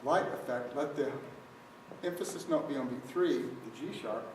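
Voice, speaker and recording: A man's voice: mid-range voice, moderate pace, a little mellow. Methodical male trombone teacher, echoey room. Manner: methodical, explains step by step. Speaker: trombone instructor. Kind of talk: music lesson demonstration. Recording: very echoey room, mic at a distance. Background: trombone playing.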